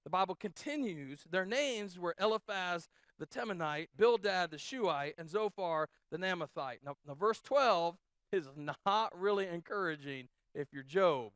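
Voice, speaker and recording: High-voiced pastor preaching casually. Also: male voice, expressive, unhurried, clear, resonant tone, dry recording. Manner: conversational, joking asides with the congregation; bursts into loud mock outbursts. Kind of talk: sermon.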